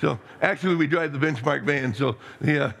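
A middle-aged man preaching a sermon as pastor, rambling and excitable, with many restarts and stammers. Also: fairly high pitch, moderate pace, gravelly. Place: church sanctuary. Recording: long reverb in a hall.

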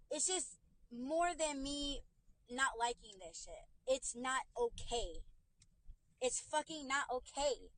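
A woman's voice: high voice, dry recording, rough recording. A woman hosting a podcast livestream from her car on a phone, talking bluntly with lots of swearing and going over the same points again and again. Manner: blunt and profane, repeats herself. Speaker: podcast host. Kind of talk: casual livestream rant.

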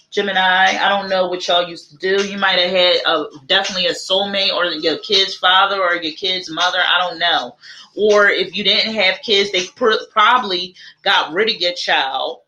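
A woman's voice: medium pitch, sharp tone, low-quality recording. A woman giving a casual live tarot reading, chatty and repetitive, thinking aloud as she draws each card. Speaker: tarot reader.

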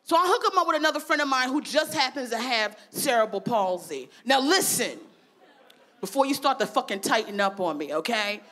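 A woman performing a stand-up comedy routine, brash and profane, shouting her punchlines. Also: fairly high pitch, animated, a little fast. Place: festival comedy stage.

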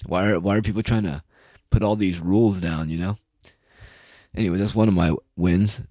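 A low, dark-toned man talking close to a dry mic. He rants through a loose solo monologue, sarcastic and profane, with plenty of uhs and restarts. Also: steady tone, normal speed, no echo. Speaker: solo podcast host. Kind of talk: casual rambling monologue.

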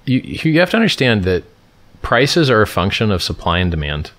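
Casual livestream host, male, from California, low voice, emphatic, repeats himself and restarts lines. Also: big pitch swings, normal speed, a bit bright. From Stockton, California, USA. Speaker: livestream host answering viewer questions.

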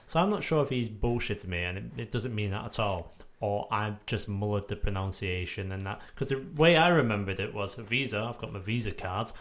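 A man's voice: lowish voice, expressive, fairly quick, hardly any pauses. A man co-hosting a casual podcast, joking with his friends. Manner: joking, wraps up the show. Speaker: podcast co-host. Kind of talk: casual chat.

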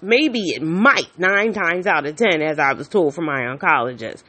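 A woman's voice: low voice, moderate pace. Blunt, candid woman telling her story. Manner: blunt, outspoken and candid, with swearing; animated storytelling, acting out the people she quotes. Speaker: vlogger. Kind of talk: casual monologue.

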